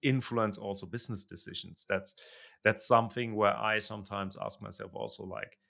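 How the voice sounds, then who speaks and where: Male podcast host with a low, gravelly voice. Hesitant and searching for words. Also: fairly even intonation, normal speed, sharp tone. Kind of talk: conversational interview.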